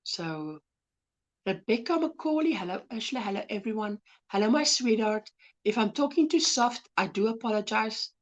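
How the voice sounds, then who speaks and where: A gentle South African woman hosts a casual crochet stream, affectionately welcoming viewers and reading out what they write. She sounds somewhat high and expressive, speaking at a normal speed into a phone mic.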